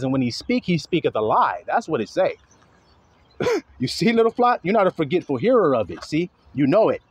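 A man's voice: sits high, slightly rough. A man giving an informal Bible teaching, talking loosely and profanely and drawing out the verses he reads. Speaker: preacher teaching from scripture. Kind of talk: casual spoken Bible teaching.

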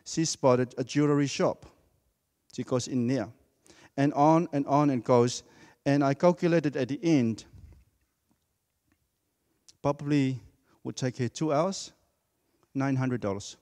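A man delivering a sermon at a very slow, deliberate pace, his voice carrying a long church-hall reverb. He leans on key words and repeats them for emphasis, in a mid-pitched voice. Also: darkish tone. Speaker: preacher.

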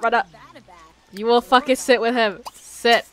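A woman giving excitable, foul-mouthed commentary on a life-sim game, squealing and shouting at what happens. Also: on the high side, measured pace. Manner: excitable, swears a lot, squeals and shouts in bursts. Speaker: gamer.

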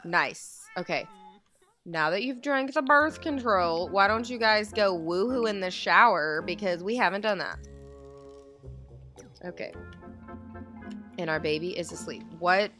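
A woman's voice: on the low side, unhurried, long pauses, bright, forceful tone, soft background music. A young woman hosting a gaming video, chatting casually and talking to her game characters as she plays. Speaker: gaming channel host. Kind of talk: casual let's-play commentary.

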